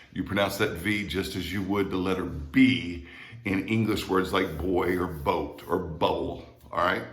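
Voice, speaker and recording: A man's voice: lowish voice, a bit bright. A male Spanish teacher with an American accent, patiently repeating words and checking in with his students. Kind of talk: recorded classroom lesson. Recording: echoey room.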